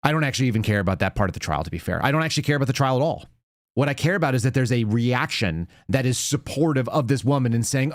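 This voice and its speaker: A man hosting a live commentary show, blunt and openly indignant as he rambles through his points. His voice sits at an ordinary middle pitch and sounds dry and close, with no room echo. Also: expressive, fast talker. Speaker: show host.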